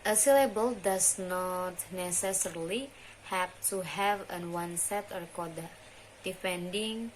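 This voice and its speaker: A young woman, a student, presenting a phonology lesson in slow, halting, deliberate speech. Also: on the low side, a little hiss or hum, rough recording. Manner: deliberate, halting delivery with restarts and mispronounced terms. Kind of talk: slow, careful lesson reading.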